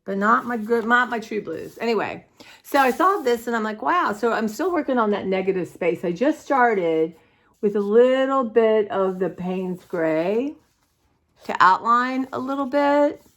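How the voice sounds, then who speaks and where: A woman's voice: on the high side, animated, unhurried. A woman, rambling chattily to her viewers in a casual art vlog. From United States. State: sore throat. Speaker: vlogger.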